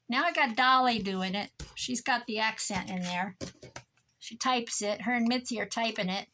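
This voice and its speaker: A woman's voice: fairly high pitch, normal speed, pushed and bright, a little hiss or hum. A tired woman chatting casually to herself and her viewers while crafting at home, muttering and joking at her own expense. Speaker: crafting vlogger.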